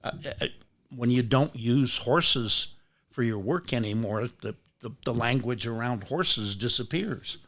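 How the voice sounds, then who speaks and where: A man's voice: medium pitch, unhurried, fairly bright tone. An older man chatting casually at a book club, telling rambling anecdotes with frequent restarts and casual swearing. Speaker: rare bookseller and book club guest. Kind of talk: casual storytelling chat.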